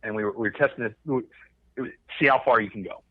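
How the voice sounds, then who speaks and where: A Coast Guard veteran telling a rambling, profane story in casual conversation. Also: male voice, mid-range voice, quick pace, narrow, tinny audio. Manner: rambling, profane, restarts often.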